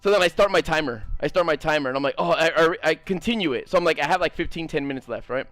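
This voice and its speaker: A man streaming a game, telling a story in a casual, animated, swearing ramble and talking to his chat. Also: fairly high pitch, dry recording, faint music behind. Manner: animated, profane, fast-rambling. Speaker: gaming streamer.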